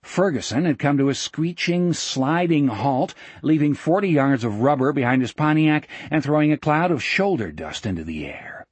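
A man narrating a novel as an audiobook in a steady, measured storytelling voice. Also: fairly high pitch, breathy edge, no room sound. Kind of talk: scripted narration.

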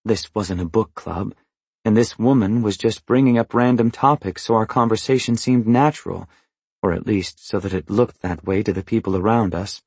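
A man narrating a first-person novel in an even, understated, matter-of-fact way. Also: fairly low pitch, moderate pace, husky, no echo. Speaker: audiobook narrator.

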